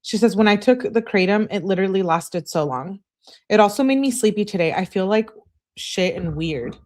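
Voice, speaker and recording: A woman's voice: medium pitch, expressive, moderate pace, darkish tone. A woman hosting a live stream, reading text messages aloud and greeting her viewers between them. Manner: reads texts with "she says" tags, chats with viewers. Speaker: livestream host reading case texts.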